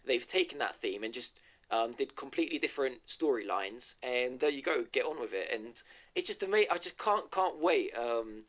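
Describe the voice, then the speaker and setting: A man's voice: mid-range voice, lively intonation, moderate pace, few pauses, a bit bright. A man co-hosting a casual gaming podcast, retelling a game's story with lots of ums and restarts. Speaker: podcast co-host. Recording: dull lo-fi audio.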